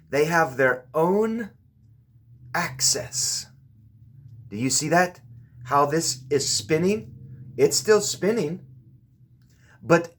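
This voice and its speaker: A man's voice: fairly high pitch, fairly bright tone. A man giving a casual hands-on explanation with objects, often stopping to ask the viewer whether they see it. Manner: keeps checking with the viewer, repeating "do you see". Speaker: presenter demonstrating with objects.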